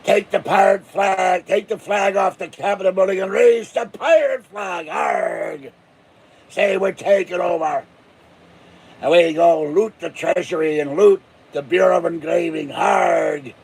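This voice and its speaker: A man putting on a rowdy shouting pirate. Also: sits high, a little slow, creaky, slightly rough, full character voice. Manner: growling arrs, shouted rallying cries. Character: rowdy shouting male pirate rabble-rouser.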